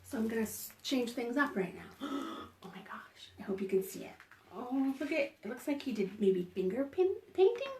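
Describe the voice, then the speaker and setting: A woman librarian reading picture books aloud to young children in an online storytime, animated and encouraging, gasping in surprise and inviting them to join in. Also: sits high, normal speed. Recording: roomy echo.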